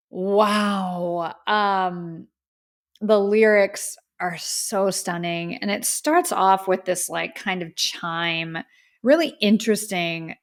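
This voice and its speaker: A woman hosting a casual music review podcast, talking in an effusive, heartfelt way and often saying "like.". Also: mid-range voice. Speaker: podcast host.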